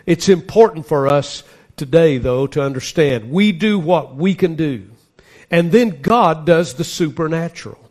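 Earnest man preaching, a bit high-pitched. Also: expressive, a little slow, a little mellow. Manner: earnest preaching, reads scripture aloud with rising emphasis. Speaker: pastor. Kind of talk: sermon.

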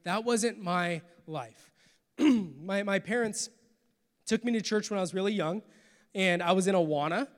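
A man in his thirties preaching a sermon, telling his own story in an animated storytelling manner with acted-out quotes. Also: sits high, measured pace, long reverb tail. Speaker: pastor. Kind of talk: sermon testimony.

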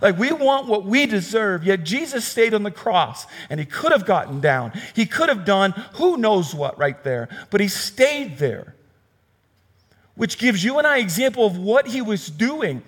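A man preaching a sermon in a conversational way, reading scripture aloud and swinging from loud bursts to hushed, low passages. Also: very animated, measured pace, big-room sound. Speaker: pastor.

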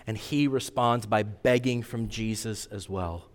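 A man preaching a sermon as pastor, animated, swinging from loud emphatic peaks to hushed intense asides. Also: fairly low pitch, a little slow, big-room sound.

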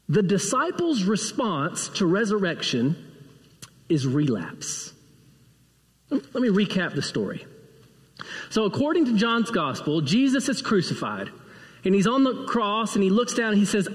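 A pastor preaching a sermon, retelling a gospel story and acting out the voices of its figures. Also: male voice, high voice. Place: church sanctuary. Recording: long hall reverb.

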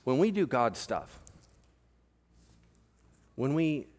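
A male pastor preaching a sermon in a lively, conversational and joking manner. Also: mid-range voice, extremely slow. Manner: animated, jokey, conversational preaching. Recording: long hall reverb.

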